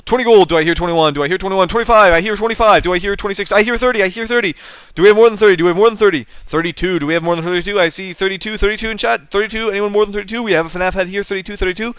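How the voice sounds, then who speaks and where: A man voicing a fast-talking male auctioneer who calls out bids again and again, heard on a dull lo-fi stream mic. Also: high voice, fairly bright tone, clean tone, no echo, voice pushed up. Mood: rapid-fire. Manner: rapid repeated bid calls.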